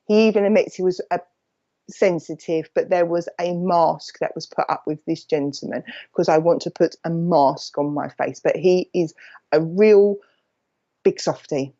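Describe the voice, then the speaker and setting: Essex woman psychic medium, warm chatty rambler who bounces between thoughts, live stream with slightly dull lo-fi sound. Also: on the low side, normal speed. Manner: chatty and affectionate, calls people "my lovely".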